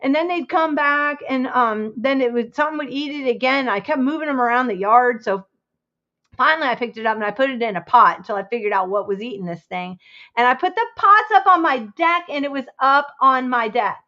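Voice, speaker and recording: A woman chatting casually on a home livestream, excitable and quick to exclaim. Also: high voice, lo-fi sound. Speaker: crafting livestreamer.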